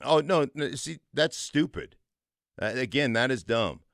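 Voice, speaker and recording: A man's voice: medium pitch, lively intonation, measured pace, creaky, a bit bright, no room sound. A man in his fifties, a former football player and radio co-host, talking sports with emphatic conviction in a studio. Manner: emphatic, tells stories with conviction.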